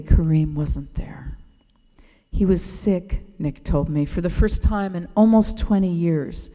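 A woman reading a personal essay aloud in a gentle, reflective storytelling way. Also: on the low side, big-room sound. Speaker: narrator.

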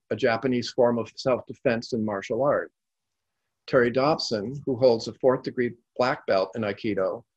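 A man reading a story in a measured, calm narration. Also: mid-range voice, husky, dry recording, lo-fi sound.

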